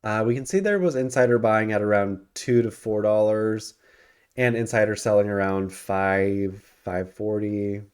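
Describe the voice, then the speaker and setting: A man's voice: fairly low pitch, measured pace, a little mellow, clean tone. A man hosting a casual stock commentary over his screen, talking loosely with many ums and self-corrections. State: yawning and hiccuping. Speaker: investing channel host.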